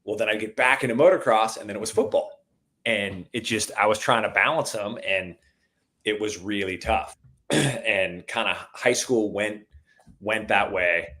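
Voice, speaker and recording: A middle-aged man telling stories in a relaxed conversation, calling the listener "dude" a lot and getting animated at the exciting parts. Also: on the low side, normal speed. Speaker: podcast guest. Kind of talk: casual storytelling chat.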